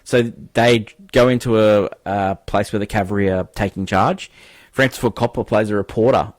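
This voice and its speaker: A man with a fairly low voice recaps a film in casual chat, rambling and hesitant, with plenty of fillers. He sounds like a podcast co-host. The recording is dry and close. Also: steady tone, normal speed, no room sound.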